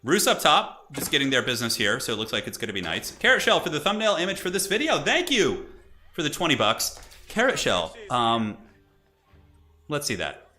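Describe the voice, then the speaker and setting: Young man, live game commentary, chatty and excitable, lively pitch, bright voice. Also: normal speed. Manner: chatty, excitable, laughs often. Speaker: streamer casting a multiplayer strategy game.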